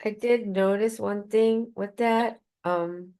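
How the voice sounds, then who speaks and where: A woman taking part in an online class, sharing a tip in a careful, halting way over a video call. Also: medium pitch, steady tone, dark tone. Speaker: class participant. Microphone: video call with bad connection.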